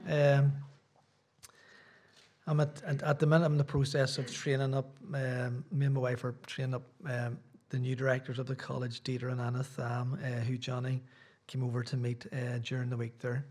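Middle-aged Irish preacher, chatty and rambling, mid-pitched male voice, church talk. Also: flat delivery, normal speed, darkish tone. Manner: rambling, self-deprecating, chatty asides. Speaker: visiting preacher. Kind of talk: sermon with casual chat.

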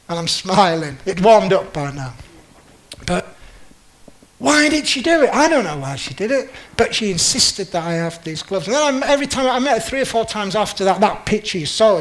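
A man's voice: high voice, poor audio. A man telling a personal story in a talk, chatty and self-mocking, acting out what others said. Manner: chatty, self-mocking, acts out quoted lines. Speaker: speaker giving a talk with slides.

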